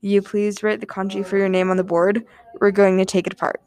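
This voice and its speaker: A woman doing a brisk, caring schoolteacher. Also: medium pitch, flat delivery, a little mellow, dry recording, natural voice. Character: caring adult female schoolteacher.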